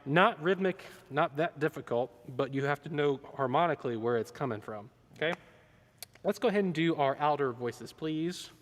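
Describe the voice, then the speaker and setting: Upbeat choir director in a big hall. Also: male voice, a little high, lively intonation, moderate pace. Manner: upbeat, counts in and sings out vocal lines. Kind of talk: leading a choir rehearsal. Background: keyboard playing.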